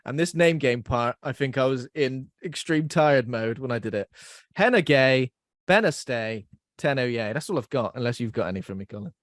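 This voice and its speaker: A man's voice: medium pitch, normal speed, no echo, studio quality. A young man hosting a podcast in casual chat, rambling and self-deprecating as he laughs at his own jokes. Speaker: podcast host.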